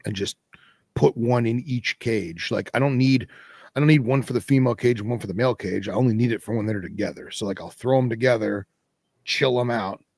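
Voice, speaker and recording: A man hosts a podcast in loose, rambling chat, with plenty of fillers and restarts. His voice has a gravelly edge, and the sound is dry and close. His pitch sits in a middle range for a man. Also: a little fast, darkish tone, no room sound. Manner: rambling, filler-heavy, laid-back. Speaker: podcast host. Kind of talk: casual chat.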